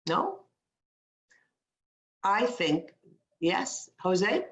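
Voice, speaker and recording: A woman's voice: medium pitch, sing-song, drawn-out words. A woman coaching a webinar on a video call, demonstrating speech sounds and sentence stress and asking attendees questions. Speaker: communication coach. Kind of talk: webinar teaching.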